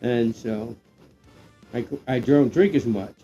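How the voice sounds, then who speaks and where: A middle-aged man who is getting drunk, chatting loosely on a livestream, rambling, swearing and breaking into excited shouts. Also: mid-range voice, slow pace, lo-fi sound, faint music behind. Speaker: live stream co-host. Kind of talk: casual livestream chat.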